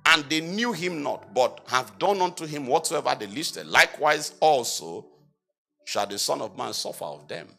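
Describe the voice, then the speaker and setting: A male preacher with a bright, ringing voice gives a sermon in a church. His pitch swings widely as he reads scripture, quizzes the congregation and rises into loud, emphatic exhortation. Faint music sits under him. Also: lively intonation, gravelly. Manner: asks the congregation rhetorical questions and answers them himself; reads scripture aloud in old-fashioned language, slow and emphatic. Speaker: apostle preaching.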